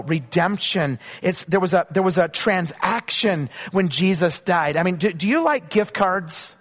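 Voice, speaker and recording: A high-pitched man delivering a sermon from the pulpit. He tells stories in a loose, chatty way, stumbling over restarts, then slows right down to stress the lines that matter. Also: fairly bright tone. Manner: storytelling with repeated restarts and emphatic slow phrases. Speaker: pastor.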